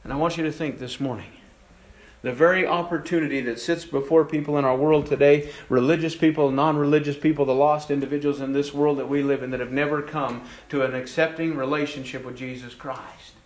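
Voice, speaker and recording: A male pastor preaching a sermon in a church, swinging between hushed and raised passages and slowing down for emphasis. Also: on the high side, fairly even intonation. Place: church sanctuary. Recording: echoey church room.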